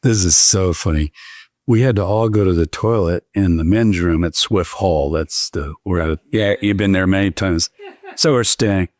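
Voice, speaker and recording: A man's voice: sits low, moderate pace, dry recording, studio quality. A man in his seventies, a guest scholar telling anecdotes in a conversation, who slips into the voices of the people he quotes. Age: 70s. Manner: lively, quotes others in voiced asides. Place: indoors, in-person conversation.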